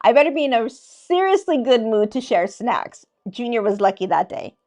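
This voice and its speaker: High-voiced playful woman livestream host. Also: sing-song, normal speed, a little mellow. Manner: playful, laughs often, teasing. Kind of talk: casual livestream chat, reading viewer comments aloud.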